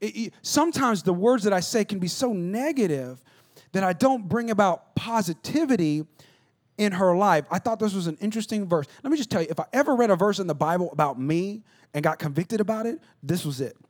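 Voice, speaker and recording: A man preaching a sermon as pastor on a church stage, animated, with call-and-response asides and self-deprecating humor. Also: high voice, brisk. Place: church stage, on stage before a congregation.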